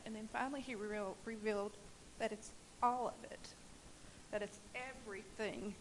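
A woman giving a personal testimony at a church service, telling her story in an animated way and laughing at times. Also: mid-range voice, moderate pace, rough recording. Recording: faint hiss.

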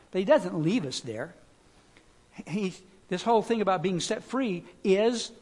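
A man preaching a sermon as pastor, talking in a conversational way with fillers and repeated words. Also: high-pitched.

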